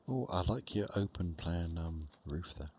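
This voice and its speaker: A man's voice: sits low, lively intonation, measured pace, darkish tone, dull audio, a little hiss or hum. A man joking and exclaiming while playing an online game with a friend. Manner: jokey, laughing, exclamatory. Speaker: streamer, co-player. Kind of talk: casual gaming chat.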